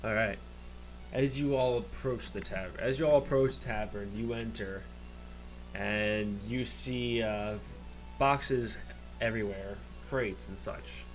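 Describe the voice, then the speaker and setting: A man narrating as game master of a tabletop game, halting, with many restarts. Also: lowish voice, soft background music, low-quality recording.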